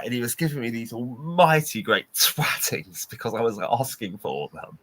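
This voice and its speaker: A man's voice: medium pitch, a little fast, few pauses. A middle-aged man casually telling a funny anecdote, acting out voices as he goes. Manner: animated storyteller acting out drunk voices.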